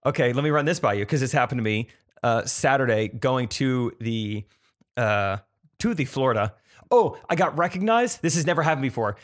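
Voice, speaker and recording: A man's voice: medium pitch, animated, moderate pace. A young man co-hosting a podcast in casual chat, laughing often and putting on playful mock voices. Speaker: podcast co-host.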